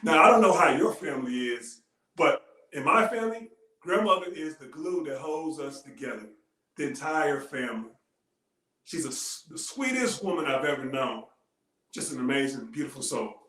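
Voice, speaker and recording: A man giving a heartfelt motivational talk, telling a personal story with earnest, dramatic pauses. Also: on the high side, animated, pushed and bright. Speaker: motivational speaker. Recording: roomy echo.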